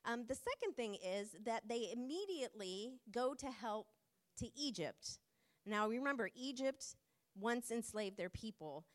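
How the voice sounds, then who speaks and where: A woman preaching a sermon in an earnest, measured way, with frequent pauses and fillers. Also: fairly high pitch, expressive.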